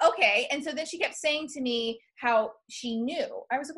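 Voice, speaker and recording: A woman's voice: high voice, moderate pace. A woman hosting a podcast, telling a story in casual comedic chat and acting out what people said. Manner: animated storytelling, acts out quotes. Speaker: podcast host.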